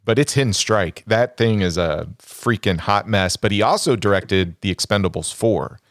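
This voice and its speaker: Blunt low-voiced man ranking bad films. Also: normal speed, dry recording, clean studio sound. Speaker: podcast co-host. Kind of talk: casual movie podcast chat.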